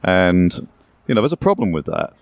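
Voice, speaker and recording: Speaking at a normal pace in a dry recording, a very deep-voiced interview guest from England talks with an English accent. His long explanations stay relaxed and conversational, sprinkled with asides, storytelling and playful hyperbole.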